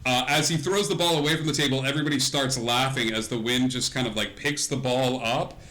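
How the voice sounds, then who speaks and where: A man narrating a tabletop game as game master, with lively delivery and frequent laughter as he slips into characters. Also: medium pitch, a little fast.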